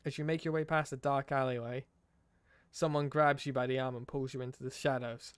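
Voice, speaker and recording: Give me a man reading a game aloud on stream, expressive and wry, with a dry sound. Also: medium pitch, brisk, clean tone, no room sound. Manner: expressive narration with wry asides.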